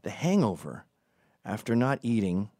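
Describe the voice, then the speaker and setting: A man's voice: lowish voice, big pitch swings, moderate pace, mellow, no room sound, clean studio sound. A man, telling rambling, sardonic stories in a casual comedic monologue. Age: 40s. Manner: rambling, sardonic storytelling with voiced asides. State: recovering from strep throat.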